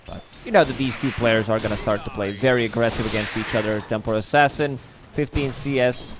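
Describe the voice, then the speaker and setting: A man gives color commentary on an esports match, breaking down plays in a measured, analytical way. His voice sits at an ordinary middle pitch. Clear music runs underneath. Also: fairly even intonation.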